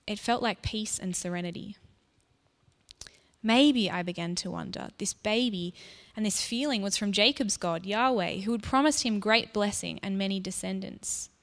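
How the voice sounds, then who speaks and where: A woman telling a story in the first person, soft and reflective, as if confiding in the listener. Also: mid-range voice, normal speed. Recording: long reverb.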